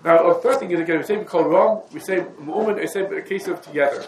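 This high-pitched man talks a little fast as he gives a halachic lesson as a Torah teacher. His path through the sources wanders conversationally, sprinkled with Hebrew and Yiddish, and the echoey room carries faint ambient noise.

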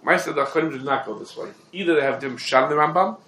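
A man delivers a Talmudic lecture, firing questions and answering them himself. His voice sits a little high. The room around him is echoey. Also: sharp tone. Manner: rapid, question-and-answer reasoning. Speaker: Torah teacher.

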